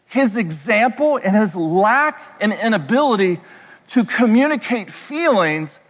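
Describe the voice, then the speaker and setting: A pastor delivering a sermon in a conversational way, throwing rhetorical questions at the congregation. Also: male voice, high voice, big pitch swings, measured pace. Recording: echoey hall reverb.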